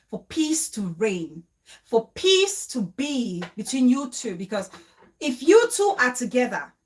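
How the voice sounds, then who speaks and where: Lively, animated woman vlogger. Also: fairly high pitch. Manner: emotional, pleading, rapid bursts with repeated questions. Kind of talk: casual storytelling to camera.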